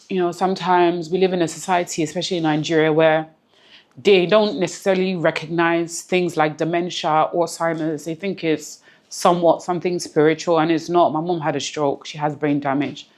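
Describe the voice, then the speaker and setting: A woman guest in an interview, talking earnestly and reflectively about something personal, often repeating phrases for emphasis. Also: fairly low pitch. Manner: close to tears at times.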